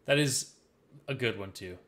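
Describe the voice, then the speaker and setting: A young man from the American Midwest co-hosting a podcast, telling stories in casual, profane, animated chat. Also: mid-range voice, moderate pace. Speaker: podcast co-host.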